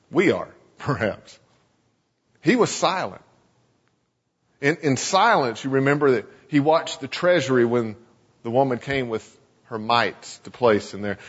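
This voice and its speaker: A male pastor preaching in a church sanctuary, with a slightly husky voice that rises and falls with lively, animated pitch. The recording is dull and lo-fi, and a long echo hangs in the room. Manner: storytelling, dramatizing scripture. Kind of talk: sermon.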